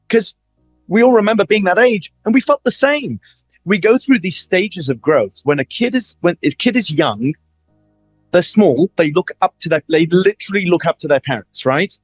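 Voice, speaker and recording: A middle-aged man from the Middle East, a family office advisor with a Middle Eastern accent, is a guest in a fireside chat. His voice sits high in a dry recording, and he tells stories with animation, acting out quoted lines and often repeating words.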